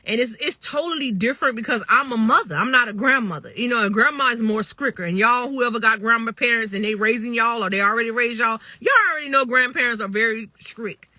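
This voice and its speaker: A woman's voice: on the high side, fairly quick, hardly any pauses, pushed and bright, no room sound. A woman in her thirties talking casually to viewers on a phone livestream, emphatic and repetitive, often checking in with her listeners. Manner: emphatic and repetitive, often asks "you know what I'm saying".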